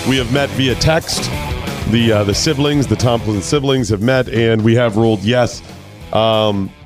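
A man hosting a morning radio talk show, chatting casually and telling stories with animated, drawn-out words. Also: medium pitch, over music. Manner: animated storyteller, stretches words for effect. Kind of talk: casual chat.

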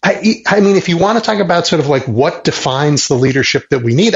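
A man's voice: a little high, lively intonation, fairly quick, creaky, breathy edge. A man hosting a radio talk show, questioning and pushing back on his guest. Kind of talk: radio interview conversation. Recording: dull lo-fi radio sound.

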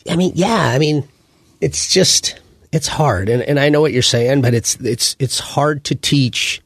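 A man in his forties, a former sports mascot, telling animated, rambling stories in a casual interview, full of fillers and restarts. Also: medium pitch, measured pace, breathy edge, no room sound, clean studio sound.

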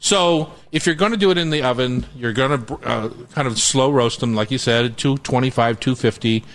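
A man's voice: mid-range voice, a bit bright. Man giving practical cooking tips. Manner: quick, practical explaining with asides. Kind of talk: casual cooking chat.

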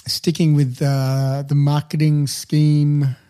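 A man's voice: fairly high pitch, little pitch movement, slow pace, dark tone, clear, resonant tone. A man, co-hosting a podcast in casual chat with dry, jokey banter. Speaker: podcast co-host.

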